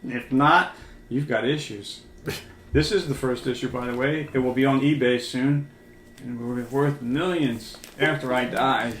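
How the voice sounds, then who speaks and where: Older guy hosting, jokey showman, bright voice, echoey room. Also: medium pitch, fairly even intonation, moderate pace, slight background noise. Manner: joking, playful showman. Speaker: co-host. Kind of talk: casual chat. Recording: roomy room sound.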